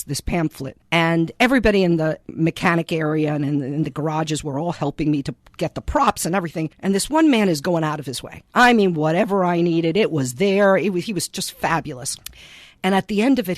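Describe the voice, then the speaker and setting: Middle-aged woman, guest author, lively storyteller in a dry studio. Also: deep voice, no room sound. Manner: animated storyteller who acts out voices in quotes. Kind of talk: storytelling in a casual interview.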